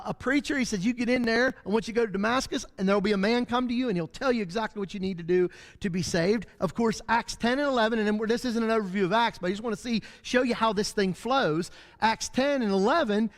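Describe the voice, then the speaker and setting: Man preaching a bible study, voice way up high, really lively, long echo off the church hall. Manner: animated, acts out voices of people and God.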